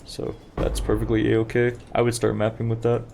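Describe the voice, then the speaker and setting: A young man keeps up casual, rambling gameplay commentary for his viewers while streaming. The mid-range voice is gravelly and darkish, delivered completely flat at normal speed, over a little hiss or hum.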